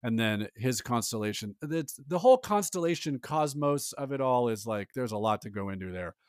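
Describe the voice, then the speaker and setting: A man co-hosting a podcast in casual chat, animated and rambling, acting out lines from a movie. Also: medium pitch, normal speed, clean tone, no echo, clean studio sound. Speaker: podcast co-host.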